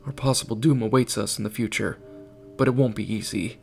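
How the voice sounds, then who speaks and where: A man's voice: lowish voice, a little fast, creaky, faint music behind. A man doing a grave British teen leader. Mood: serious. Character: serious British teenage boy leader.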